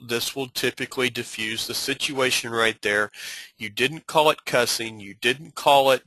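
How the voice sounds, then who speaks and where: Guy giving a training talk, bright edgy voice, stumbles and restarts a lot, dry sound. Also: medium pitch, no echo, poor audio. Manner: halting, many restarts and fillers; earnest, advising tone. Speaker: customer service trainer. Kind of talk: instructional talk.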